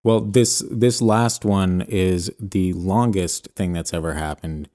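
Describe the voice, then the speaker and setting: A podcast co-host with a low, dark voice tells a personal story, speaking slowly. He rambles casually and hedges constantly, packing his talk with fillers.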